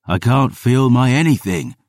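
A man voicing a gruff, sardonic hero in an audiobook, grumbling and sarcastic. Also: mid-range voice, sing-song, a little slow, a little mellow, no echo, clean studio sound, pitched above the performer's own voice. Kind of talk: audiobook character reading.

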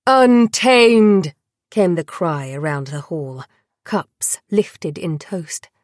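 A woman reading a dark fantasy audiobook in a measured, dramatic narrating style. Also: sits low, no room sound, studio quality. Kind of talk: scripted narration.

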